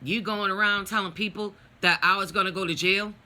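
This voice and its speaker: Middle-aged woman, bright edgy voice, heated and foul-mouthed storytelling to camera. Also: medium pitch, steady tone, brisk. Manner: blunt, profane, heated venting. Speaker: vlogger. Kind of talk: personal storytime rant.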